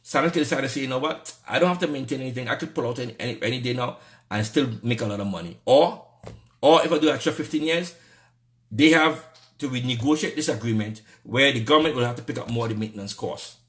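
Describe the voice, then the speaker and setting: A man's voice: mid-range voice, quick pace, a bit bright. A man with a Trinidadian accent giving a heated, repetitive, indignant political rant. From Trinidad and Tobago.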